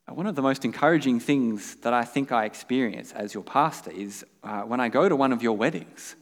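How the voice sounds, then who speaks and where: A man's voice: medium pitch, fairly quick, big-room sound. A man preaching a sermon as pastor, earnest and emphatic, asking his listeners rhetorical questions.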